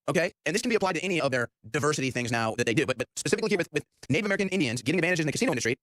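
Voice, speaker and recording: Rapid-fire sarcastic male show host. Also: on the high side, no echo. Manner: excited, sarcastic, acts out quotes. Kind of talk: talk-show commentary.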